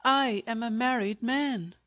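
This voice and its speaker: A woman's voice: on the high side, measured pace, a bit bright, no echo. A woman voicing a serene, overly polite plump middle-aged male coffin maker, courteous and florid, on a dull lo-fi recording. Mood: polite regret.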